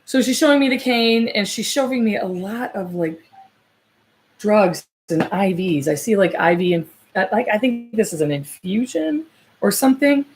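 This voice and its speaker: A woman doing a live psychic reading, her voice pitched squarely mid-range. She gropes for words with frequent fillers and restarts. When she relays messages she slows and softens. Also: lively intonation, slight background noise. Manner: hesitant, searching, many fillers and restarts; soft and slow when channeling messages. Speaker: psychic medium.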